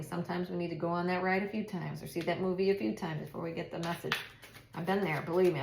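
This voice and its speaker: A woman in middle age talks through a tarot reading in a loose, comforting monologue, often restarting her sentences. Her voice sits low and has a gravelly edge. The sound echoes around the room she records in. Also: a little hiss or hum. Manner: chatty, reassuring, thinks aloud with restarts. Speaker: tarot reader.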